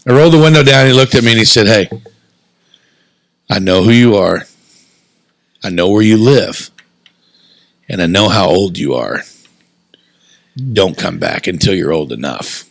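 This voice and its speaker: A young man from Southern Indiana, co-hosting a podcast, telling a story in casual chat, animated and swearing freely. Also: deep voice, normal speed, creaky, long pauses, no room sound. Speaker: podcast co-host.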